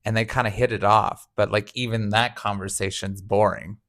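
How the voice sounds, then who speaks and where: A man's voice: lowish voice, little pitch movement, normal speed, a bit bright. A man co-hosting a casual review chat, recapping scenes in a rambling way and hedging with "like". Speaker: co-host reviewing a TV series.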